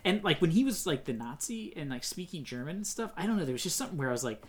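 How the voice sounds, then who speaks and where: A man's voice: fairly high pitch, sing-song, fast talker. A man co-hosting a comic book podcast in casual chat, opinionated and rambling, full of "like". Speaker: podcast co-host.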